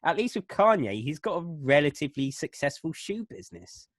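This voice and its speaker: A young podcast co-host in casual chat, animated and laughing a lot. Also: mid-range voice, brisk, dry recording, studio quality.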